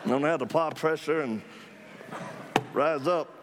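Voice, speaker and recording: A man leading a ministry, telling stories to a live audience in an animated, folksy way with jokes about himself. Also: a little high, a little slow, a little hiss or hum. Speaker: ministry leader speaking to supporters. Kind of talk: storytelling talk to a live audience. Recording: long hall reverb.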